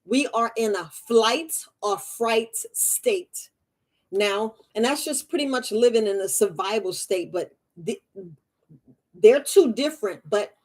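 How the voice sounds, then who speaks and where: Woman herbalist on a live, kinda high voice, laughs a lot, keeps repeating stuff. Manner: chatty, laughs often, repeats phrases. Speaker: herbalist hosting a live stream. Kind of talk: casual live-stream talk to viewers.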